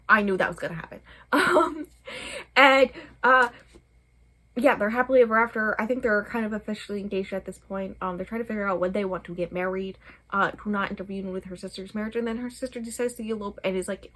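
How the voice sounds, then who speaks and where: A woman's voice: medium pitch, a little fast, pushed and bright. A young adult woman, a book vlogger, rambling casually through a book review with many fillers. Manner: rambling, chatty, many fillers, laughs often.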